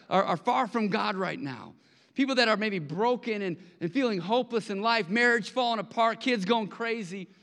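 A man preaching a sermon to his congregation, conversational and animated, telling stories with acted-out quotes. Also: extremely high pitch. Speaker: pastor. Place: church sanctuary. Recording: long hall reverb.

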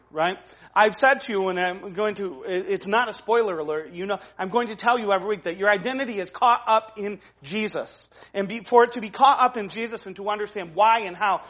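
A pastor delivers a sermon in an easygoing, conversational way, often restarting phrases and tagging lines with "right?". His voice is high for a man with a fairly bright tone, and the recording sounds somewhat dull and lo-fi.

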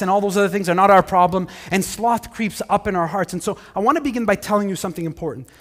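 A male pastor preaching a conversational sermon, animated, with frequent restarts. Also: sits high. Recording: hall reverb.

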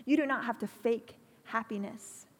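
A woman preaching a sermon in a church, earnest and pastoral, speaking slowly and deliberately. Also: fairly high pitch. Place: church hall. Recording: long hall reverb.

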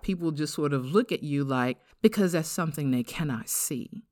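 A middle-aged woman with an African-American English accent hosting a podcast, giving an earnest, reflective personal testimony and slowing down to stress key words. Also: deep voice, a little mellow, dry recording, studio quality. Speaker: podcast host.

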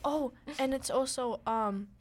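A woman's voice: high-pitched, measured pace. A teenage girl co-hosts a radio show from a studio, chatting loosely and giggling between thoughts. She rambles through many fillers and restarts. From Minnesota. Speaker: co-host. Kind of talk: casual radio chat.

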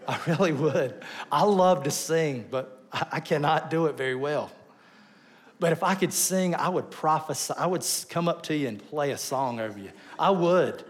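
A man preaching a sermon, telling stories with lively swings between loud bursts and soft asides. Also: on the high side, moderate pace. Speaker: pastor.

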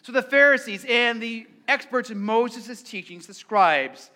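A male pastor with a high, bright voice delivers a sermon. He talks conversationally, repeating words as he goes, and keeps inviting the congregation to join in. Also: measured pace.

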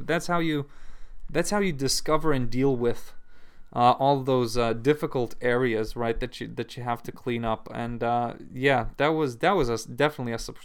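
Rambling, profane man, smooth voice. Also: mid-range voice, a bit bright. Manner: rambling, profane, lots of fillers and restarts. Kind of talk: casual rambling monologue. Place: at home.

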